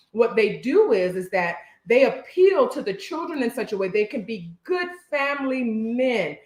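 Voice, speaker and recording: A therapist and social worker co-hosting a casual couple's talk show speaks earnestly and emphatically right to her listeners, stuttering a little as she chooses her words with care. Her voice is slightly high for a woman and a little mellow. The room is reverberant, so the sound bounces around.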